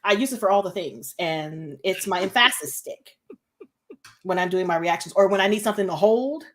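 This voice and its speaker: A woman co-hosting a casual fan discussion of a TV show, animated, laughing often and repeating phrases for emphasis. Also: medium pitch, moderate pace, slight background noise.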